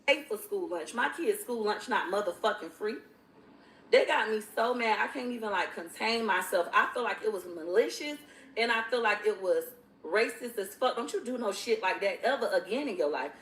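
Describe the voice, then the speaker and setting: A woman's voice: medium pitch, expressive, moderate pace, fairly bright tone. A mother ranting angrily and profanely on a livestream. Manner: profane, furious, confrontational. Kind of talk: angry livestream rant. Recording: echoey room.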